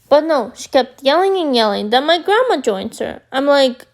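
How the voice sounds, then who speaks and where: A woman vlogger telling a story to her viewers, rambling with lots of fillers, her voice a bit hoarse from screaming. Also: sits high, very animated, normal speed, hardly any pauses. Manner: rambling, filler-heavy, addresses viewers as guys. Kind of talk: storytime chat.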